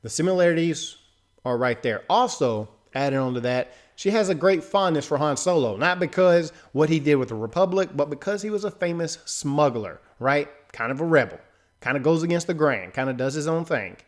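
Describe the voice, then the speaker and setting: A man's voice: on the high side, lively intonation, a little fast. A man hosting a casual commentary video, talking loosely and conversationally with frequent filler asides. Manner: loose and conversational, fills with "right?" and "you know". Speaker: host. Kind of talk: casual commentary on a film trailer.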